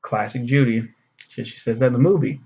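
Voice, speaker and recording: A man's voice: mid-range voice, a little fast, creaky, dark tone, breathy edge, highs cut off. A man casually recapping and reviewing a comic in a rambling, profane way, full of fillers.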